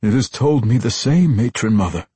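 A man's voice: animated, moderate pace, warm tone, slightly rough, no room sound. A man voicing a frightened male commoner drow who pleads desperately and stammers in an audiobook. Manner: desperate, stammering, high-strung. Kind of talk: audiobook character voice.

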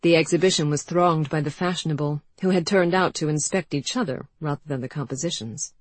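An audiobook narrator reading a period novel in a measured, expressive way. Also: medium pitch, no room sound. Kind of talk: scripted narration.

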